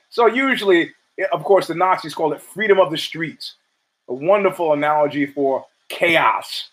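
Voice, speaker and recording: Profane storytelling man, higher-pitched voice. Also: normal speed, fairly bright tone, rough recording. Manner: profane, rambling, stammers and restarts, acts out quoted dialogue. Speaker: podcast host. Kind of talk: casual storytelling monologue.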